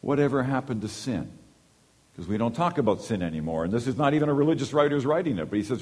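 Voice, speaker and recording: Man, preacher, sermon, shifts soft to loud, long hall reverb. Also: expressive, quick pace, husky. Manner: swings from soft and low to loud and emphatic.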